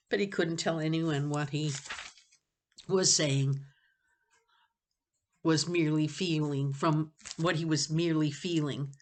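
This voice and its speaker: A woman reading a novel aloud to students, pausing to savor phrases and chat about them. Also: sits low, slight background noise. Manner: expressive, stops to savor phrases. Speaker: reader for students.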